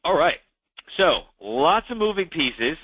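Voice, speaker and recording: A man's voice: a little high, sing-song, slow, fairly bright tone, dry recording, low-quality recording. A man hosting a weekly call for insurance agents, talking through problems in a conversational way with many fillers and repeating key advice. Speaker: meeting host for insurance agents.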